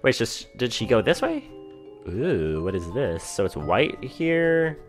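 A man doing excitable commentary on a video game, reacting aloud with exclamations as he plays. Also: mid-range voice, takes it slowly, faint music behind. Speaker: let's-play gamer.

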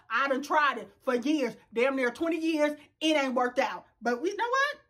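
A woman in her thirties with a high voice rants about a reality show in a casual, sassy way. She laughs often and talks straight to her viewers. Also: sing-song, normal speed, a bit bright. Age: 30s. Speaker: YouTube reviewer. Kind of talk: casual ranting commentary.

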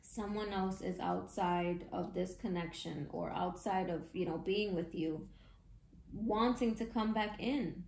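A woman giving a casual tarot reading, chatty and excitable, with slangy talk and frequent laughs. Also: on the low side, a little slow, creaky, reverberant, slight background noise. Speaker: tarot reader.

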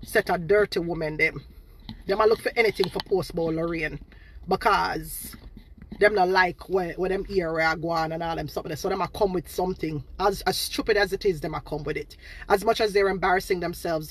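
A woman with a Jamaican accent, ranting loudly and scolding people on a live stream from her phone. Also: medium pitch. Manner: loud, scolding, insulting.

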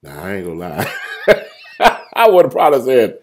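A man's voice: fairly low pitch, moderate pace, pauses often. A man preaching a livestreamed sermon, joking and colloquial, talking straight to his viewers by name. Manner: lively, joking, colloquial storytelling; talks straight to listeners by name.

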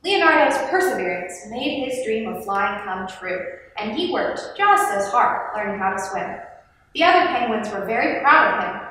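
A woman reading a children's picture book aloud as an expressive storyteller. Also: a little high, a little hiss or hum. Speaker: storytime reader. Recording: echoey hall, mic at a distance.

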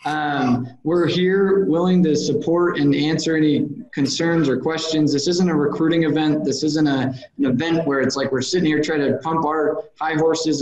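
A man's voice: on the high side, a little mellow. A man hosting a casual podcast, wrapping up with upbeat promotional talk. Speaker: podcast host. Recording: echoey room, mic at a distance.

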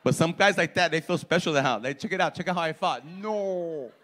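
A man's voice: on the high side, fast talker, a bit bright, slight background noise. A male stand-up comedian on a comedy club stage, doing crowd work in brash, profane, slangy street talk and teasing the audience.

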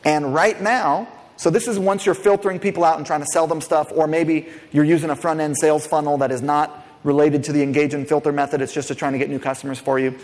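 A man giving an energetic conference keynote from a stage, often turning to quiz the audience directly. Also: on the high side, quick pace. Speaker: keynote speaker. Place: large conference hall, on stage. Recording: long reverb of a large hall.

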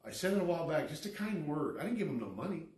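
A man preaching a sermon as pastor, building to emphatic lines and dropping to a hushed tone. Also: a little high, sing-song, rapid-fire. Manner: preaching with rising emphasis, then softening to a hushed tone. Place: church sanctuary. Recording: echoey hall from far off.

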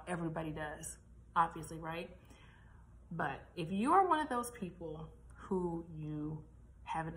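A woman talking in a chatty, animated way in a casual motivational vlog, laughing at herself now and then. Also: lowish voice. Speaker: vlogger. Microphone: camera mic, reading notes.

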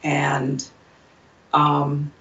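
A woman guest on a radio show, telling a personal story earnestly with many pauses, fillers and restarts. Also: low-pitched, monotone, a bit bright. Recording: distant, roomy, dull lo-fi sound.

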